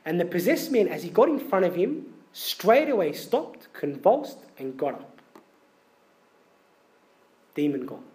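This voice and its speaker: A man's voice: sits high, very animated, a little slow, pauses often, darkish tone. A man in his thirties preaching a sermon in a conversational way, full of rhetorical questions. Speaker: priest.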